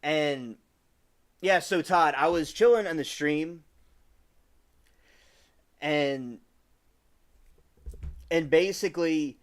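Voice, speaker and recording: With a slightly high voice, drawn-out words, and long pauses, a twentysomething man chats on a live stream. He greets viewers by name, rambling and often starting sentences over.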